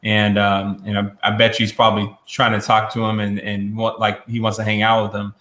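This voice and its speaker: A man's voice: on the low side, completely flat delivery, a little fast, pushed and bright, reverberant. Casual man retelling a Bible story. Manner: conversational, many fillers and restarts, acts out quotes. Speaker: Bible teacher.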